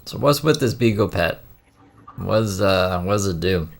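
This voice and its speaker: A very deep-voiced man from Canada commenting on a clip he is watching. He keeps his remarks dry and sarcastic. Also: animated, unhurried, gravelly. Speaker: streamer reacting to a clip. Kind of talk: reaction commentary.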